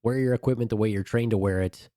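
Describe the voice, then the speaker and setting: A man on a podcast telling an animated story with crude humor in a casual way. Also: lowish voice, fast, no echo, studio quality. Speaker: podcast co-host.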